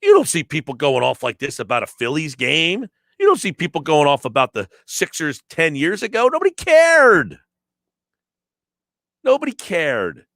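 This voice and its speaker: A sports radio host rants on, sarcastic and emphatic, his fairly high voice swinging widely in pitch. He sounds close and dry on a studio microphone. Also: a bit bright, no echo. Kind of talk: opinionated sports talk radio.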